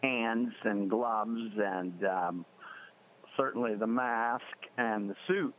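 An older man, a guest actor in a casual interview, speaking slowly and haltingly with many fillers. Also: on the low side. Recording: dull lo-fi audio with faint background hiss.

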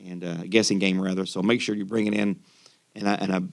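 A man's voice: low voice, flat delivery, fast. A man hosting a casual podcast who talks easily, with many fillers and restarts. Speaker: podcast host.

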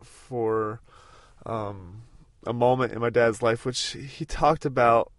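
A man's voice: medium pitch, fairly even intonation, slow pace, dry recording. Casting: man in his thirties, podcast host, casual road-trip chat, dry close sound, rambling. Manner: rambling, with many fillers and restarts.

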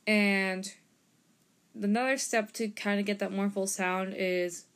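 A young woman hosting a casual harmonica lesson, explaining step by step and pausing to demonstrate. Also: medium pitch, fairly even intonation, fairly bright tone. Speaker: harmonica teacher and podcast host. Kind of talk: casual instructional talk.

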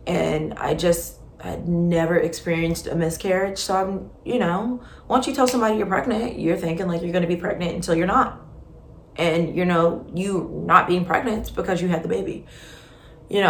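A young woman hosting a podcast, telling a personal story in a candid, expressive, conversational way with frequent fillers. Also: on the low side. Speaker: podcast host. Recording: roomy echo with faint background hum. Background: faint ambient noise, passing truck.

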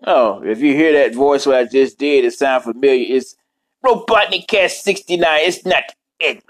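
A man's voice: mid-range voice, normal speed. A man in a casual, rambling rant, cursing constantly and jumping between topics. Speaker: vlogger.

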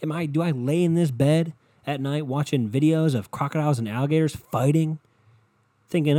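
A young man talks straight into his podcast mic from his bedroom, rambling, cursing and working himself up into passionate rants. His voice is dark and mellow, recorded close and dry with no room sound. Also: a little high, fairly even intonation, a little fast, no room sound. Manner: rambling, profane, impassioned. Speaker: podcast host. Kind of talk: solo podcast monologue. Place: bedroom at home.

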